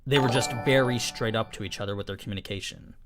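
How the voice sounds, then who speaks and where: A man's voice: fairly low pitch, quick pace, music in the background. A young man hosting a casual live-stream anime review, talking in a chatty, emphatic way, full of 'like' and 'you know'.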